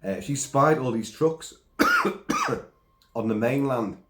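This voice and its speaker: A man's voice: medium pitch, huge pitch swings, takes it slowly, pushed and bright, echoey room. A man, sick and coughing, giving a rambling casual film review with asides and mild swearing.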